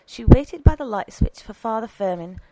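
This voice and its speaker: Woman reading a story, lively, dry. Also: a little high, moderate pace, dry recording, low-quality recording. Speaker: narrator.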